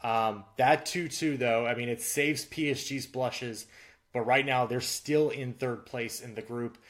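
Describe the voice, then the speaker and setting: A man's voice: mid-range voice, fairly even intonation, measured pace. Filler-heavy male sports podcast host. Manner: filler-heavy, restarts often. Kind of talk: casual sports chat.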